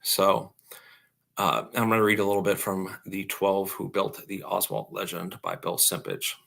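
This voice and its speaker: A man with a bright, forceful, fairly low voice co-hosts a casual podcast. He reads aloud from a book and stops often for ums, uhs and restarts. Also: steady tone, moderate pace, creaky. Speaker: podcast co-host. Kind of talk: casual podcast reading and discussion.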